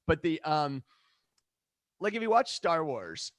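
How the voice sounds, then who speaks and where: A man guest, a film director, talking in casual chat, halting with many stammered restarts. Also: on the high side, sing-song.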